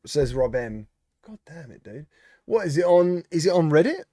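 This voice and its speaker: A man's voice: fairly high pitch, moderate pace, warm tone, no echo, clean studio sound. A man hosting a casual live-stream chat, greeting viewers by name and answering their comments. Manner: chatty, reads out viewer comments and greets them. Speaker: streamer host.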